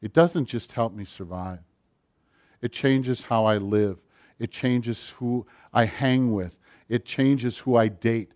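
A middle-aged man preaching a sermon, rising to loud passages and dropping to near-whispers. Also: mid-range voice, takes it slowly. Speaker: pastor.

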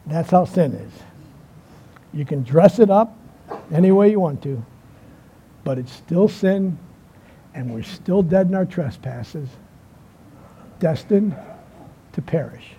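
A man preaching a sermon, moving between emphatic lines and quiet pauses, telling a story to make his point. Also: fairly high pitch, animated, slight background noise. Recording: dull lo-fi sound.

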